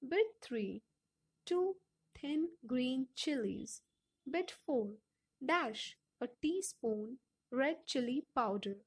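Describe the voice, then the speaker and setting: A woman with an Indian English accent reading textbook exercises aloud for an audiobook, slow and deliberate. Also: high-pitched, animated, husky. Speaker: audiobook reader.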